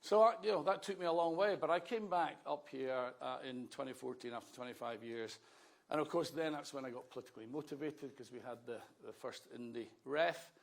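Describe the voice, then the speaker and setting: A man's voice: medium pitch, brisk, vocal fry. A Scottish man in his sixties, a politician giving a wry, anecdotal speech at a rally with self-mocking asides. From Scotland.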